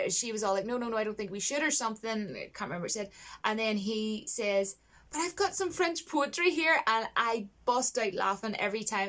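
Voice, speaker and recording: A woman chatting to camera about a film she loves, gushing and animated, laughing often and mimicking lines in a higher voice. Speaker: vlogger reviewing a film. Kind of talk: casual chat to camera.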